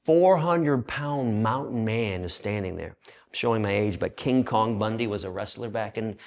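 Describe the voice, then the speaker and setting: Guest, man, 50s, low gravelly voice, lively swearing storyteller. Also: moderate pace. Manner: animated, profane storytelling with acted quotes. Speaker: interview guest. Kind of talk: storytelling in a conversational interview.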